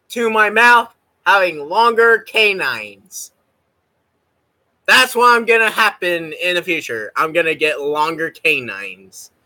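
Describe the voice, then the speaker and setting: High, bright-voiced rambling male streamer. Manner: rambling and giggly, swears freely. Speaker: livestreamer. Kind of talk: casual stream chat.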